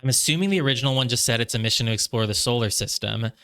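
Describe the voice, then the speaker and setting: A man giving casual let's-play commentary. He thinks out loud, peppers his talk with "like," and slips soft laughs between thoughts. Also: medium pitch, racing, clean tone. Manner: musing aloud, heavy on "like" fillers. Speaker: gamer playing through a game.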